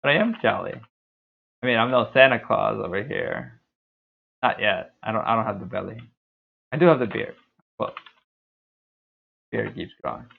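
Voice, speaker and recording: A young man streaming a game, talking through his play in a laid-back, rambling way with a deep, dark voice. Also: expressive, normal speed, gravelly, pauses often. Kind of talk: casual gameplay commentary. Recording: tinny lo-fi stream mic.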